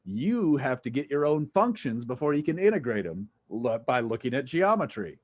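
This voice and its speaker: A man's voice: medium pitch, big pitch swings, moderate pace. Joking male physics lecturer. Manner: casual, jokey, thinks aloud while working problems. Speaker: physics instructor. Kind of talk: classroom lecture.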